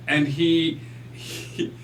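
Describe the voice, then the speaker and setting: A man's voice: fairly high pitch, flat delivery, fairly bright tone, recorded from a distance, a little hiss or hum. Man running a tabletop game, roomy echo. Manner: halting, full of fillers. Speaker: game master.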